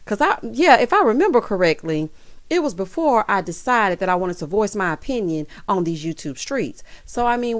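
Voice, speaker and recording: Sassy woman dishing reality-TV gossip. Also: mid-range voice. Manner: sassy, teasing asides with "honey" and "child"; puts on voices when quoting people. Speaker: recap vlogger. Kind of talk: casual reality-TV recap commentary.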